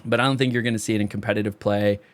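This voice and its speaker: A young man rambling casually through card reviews, his voice going hoarse and straining on high notes. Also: steady tone, racing. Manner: loose, rambling, sings a repeated catchphrase. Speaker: card game video creator.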